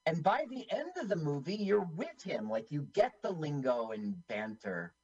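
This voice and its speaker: Man, casual watch-along chat, playful, slightly high voice, muffled lo-fi audio. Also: very animated, moderate pace, a little mellow, breathy edge. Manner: playful, doing silly put-on voices. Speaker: podcast co-host.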